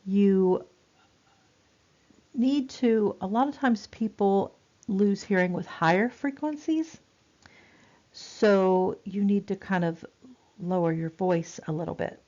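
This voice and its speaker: A woman's voice: medium pitch, animated, slow, pauses often, warm tone. A woman, giving a chatty recorded nursing lecture with many fillers and repeats. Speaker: nursing instructor. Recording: dull lo-fi recording.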